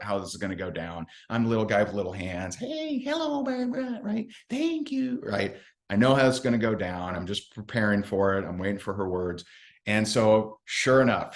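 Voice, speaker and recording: A man giving a recruiting training talk, telling stories in a chatty, self-mocking way and acting out what people said. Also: lowish voice. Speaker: network marketing trainer.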